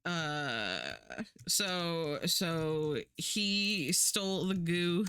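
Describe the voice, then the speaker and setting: A woman's voice: on the low side, drawn-out words, a bit bright, clear, resonant tone, no room sound. A woman streaming live, chatting casually and rambling while she works, laughing often and swearing now and then.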